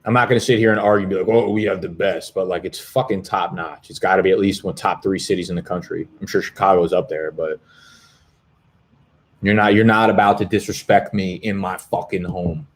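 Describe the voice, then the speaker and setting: A low-voiced man in his twenties runs a fantasy football live stream out of a Brooklyn apartment, talking a little fast with fairly even intonation. His casual chat with viewers, reading their comments, is rambling, profane, and jokey.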